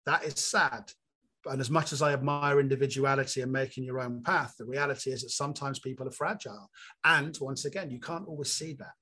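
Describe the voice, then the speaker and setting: A comedian guest from Cornwall, telling candid, animated anecdotes with self-mocking asides in an interview. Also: male voice, medium pitch, a little fast, slightly rough. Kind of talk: storytelling interview chat.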